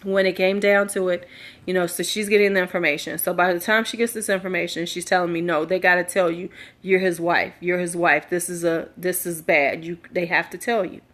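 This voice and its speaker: A woman's voice: on the low side, steady tone, a little fast, a bit bright. Candid woman telling a personal story. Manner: candid, emphatic retelling with quoted dialogue. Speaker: livestream storyteller. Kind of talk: personal story told live.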